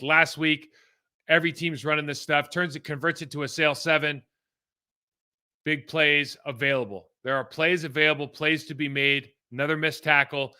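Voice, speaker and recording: A middle-aged man from California talks through football tape like a former player among friends, loose and animated, dropping "man" and "like" as he goes. His voice sits a little high and sounds very bright and forceful, with a sharp, pressing edge. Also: smooth. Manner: conversational and animated, with fillers like "man" and "like". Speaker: former pro football player turned analyst. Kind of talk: casual game-film breakdown.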